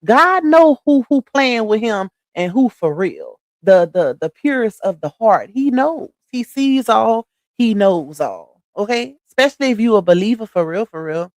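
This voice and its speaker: A middle-aged woman hosting a casual livestream, preachy and animated, talking in a slangy, familiar way to her viewers. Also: fairly high pitch, measured pace, hardly any pauses, no room sound. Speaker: livestream host. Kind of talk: casual live-stream chat.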